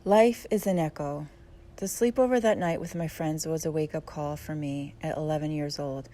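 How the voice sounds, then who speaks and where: A woman and yoga teacher narrating her own audiobook in a calm, reflective and candid way. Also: low-pitched, moderate pace.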